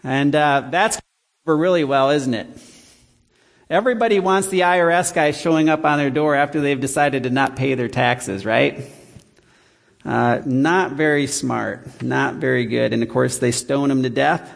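A man's voice: medium pitch, normal speed, creaky, in a large hall. A man teaching a Bible study sermon, reading scripture and explaining it in a conversational way with frequent rhetorical questions.

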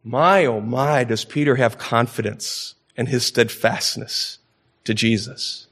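A man's voice: mid-range voice, takes it slowly, fairly bright tone. A man preaching an expository sermon, reading scripture and building to emphatic, rising peaks. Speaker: pastor.

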